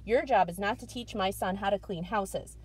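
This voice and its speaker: A woman's voice: medium pitch, normal speed, breathy edge, natural voice, poor audio. A woman reading aloud a combative, sarcastic father arguing on the phone, in a storybook reading. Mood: indignant. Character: gruff blustering father, adult man, combative.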